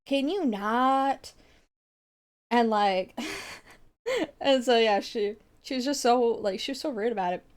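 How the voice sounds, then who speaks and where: A woman's voice: a little high, expressive, unhurried, a little mellow. A young woman streamer chatting casually, telling a rambling story with a lot of swearing and frequent laughter. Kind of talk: casual chat.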